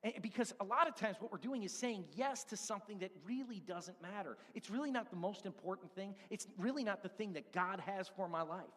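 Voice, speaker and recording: Pastor, man, forties, high bright voice, animated sermon delivery, church hall reverb. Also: brisk, few pauses. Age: 40s. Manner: animated, acts out stress with props and shouts. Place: church sanctuary.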